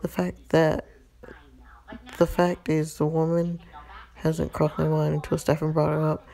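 A woman reading an interactive story game aloud in a steady, low-key way. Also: unhurried, vocal fry.

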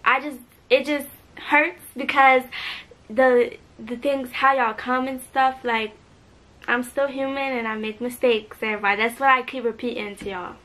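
A teenage girl with a bright, slightly high voice speaks to her viewers at home. She talks hesitantly and earnestly, pausing often with soft fillers. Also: steady tone. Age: teens. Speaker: vlogger. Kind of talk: emotional apology video.

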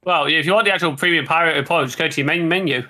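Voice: medium pitch, rapid-fire, bright, forceful tone. A co-player chatting casually and explaining game menus with many hesitations. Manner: helpful, explaining, hesitant with fillers. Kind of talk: casual gameplay chat.

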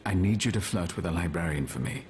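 A man's voice: sits low, quick pace, darkish tone, lightly acted. An actor playing a brusque, impatient male dealer in a game, curt and sardonic.

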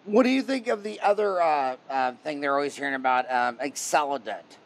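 A man hosting a podcast who asks casual interview questions in rapid-fire runs and teases his guest playfully. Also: a little high, lively intonation. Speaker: podcast host.

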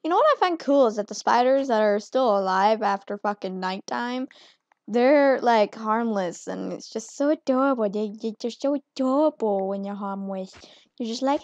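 A woman's voice: fairly high pitch, expressive, moderate pace, dry recording. A young woman giving casual gameplay commentary as a channel host, rambling, swearing freely and joking at her own expense. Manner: profane, rambling, self-mocking. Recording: muffled lo-fi home recording.

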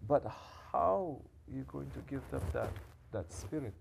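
Guy preaching a sermon, goes from hushed to loud scolding, throws in arabic prayer words. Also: medium pitch, expressive, measured pace, gravelly, slight background noise. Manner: swings from soft intimate talk to loud scolding; sprinkles Arabic devotional phrases. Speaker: sheikh.

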